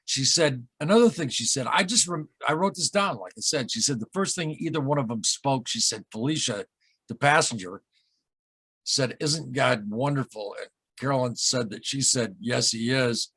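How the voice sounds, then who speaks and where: A man with a husky, mid-pitched voice recounts a strange personal encounter as a podcast guest. He speaks earnestly and haltingly, circling back and repeating himself. The sound is dry and close. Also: pushed and bright, no room sound. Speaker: podcast guest, UFO experiencer. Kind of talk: emotional storytelling interview.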